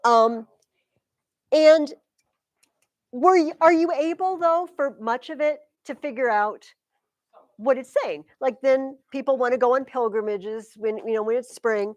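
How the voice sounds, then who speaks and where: A woman teaching high school English, talking her class through poetry in a loose, chatty way. She sounds close and dry in the classroom. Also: measured pace, dry recording. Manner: chatty, explains with sing-song rhythm examples. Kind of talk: classroom lecture.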